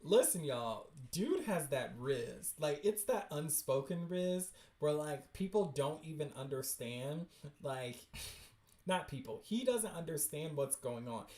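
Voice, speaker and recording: A man hosting a livestream, excitedly reading webcomics aloud and reacting with slangy chatter and frequent laughs. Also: on the high side, slow, reverberant.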